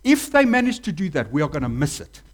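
A man preaching a sermon as pastor, animated, acting out voices and dropping to a hush. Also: a little high, quick pace. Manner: animated preaching, acts out voices, swings from loud to hushed.

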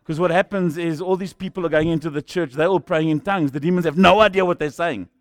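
A man's voice: fairly high pitch, quick pace, no room sound. A man with a South African accent preaching a sermon as a jokey storyteller who acts out the people in his stories.

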